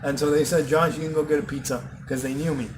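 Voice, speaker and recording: A young man casually telling stories to friends, often laughing and acting out loud exclamations. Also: fairly high pitch, steady tone, fast, background noise. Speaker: channel host telling stories. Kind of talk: casual storytelling among friends.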